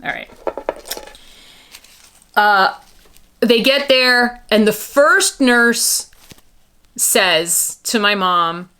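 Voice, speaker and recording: A woman's voice: mid-range voice, slow pace, pauses often, pushed and bright, smooth. A woman doll collector vlogging casually, chatty and goofy, rambling between reviewing a doll and telling a family story.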